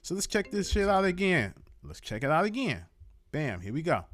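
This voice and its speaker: A man hosts a casual live-stream show, talking in a profane and emphatic way and hammering points home by repeating words. His voice sits a bit high for a man and swings widely in pitch. The sound is dry and close. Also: very animated, moderate pace, a bit bright, dry recording.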